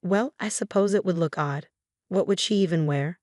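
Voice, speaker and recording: A woman narrating voicing a condescending middle-aged mother with mock concern, in a low voice. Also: moderate pace, darkish tone, no echo, studio quality, natural voice. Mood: patronizing.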